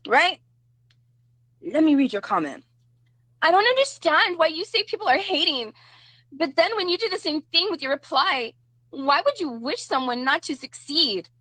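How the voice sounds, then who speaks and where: Woman, livestream host, high voice, dry sound; combative, mocking, says things twice. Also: bright, forceful tone, no echo. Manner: combative, mocking, repeats herself. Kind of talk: heated livestream commentary.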